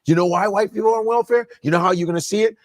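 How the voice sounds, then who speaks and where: A comedian in casual chat, talking fast and animated and slipping into mock voices. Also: male voice, high-pitched. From Nigeria-born family.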